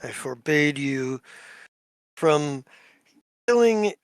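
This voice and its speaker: A man voicing an imperious, commanding male duke who speaks formally and slowly. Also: on the high side, animated, smooth, dry recording, exaggerated voice. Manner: formal, pronouncing judgment slowly.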